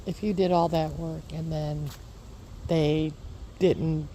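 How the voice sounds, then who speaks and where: A woman's voice: sits low, level tone, slow pace, warm tone, slight background noise. A woman chatting casually in her vlog, rambling and repeating her reassurances, recorded outdoors in a garden. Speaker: homesteading vlogger.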